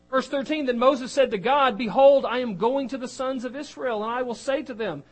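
A man's voice: very high voice, animated, normal speed, low-quality recording. A man preaching an earnest sermon, reading scripture and acting out quoted speakers. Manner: earnest, acts out quoted voices, varies loudness.

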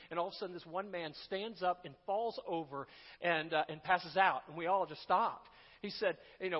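High-voiced preaching man in reverb. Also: moderate pace, muffled recording. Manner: conversational, with asides and restarts. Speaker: pastor. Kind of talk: sermon.

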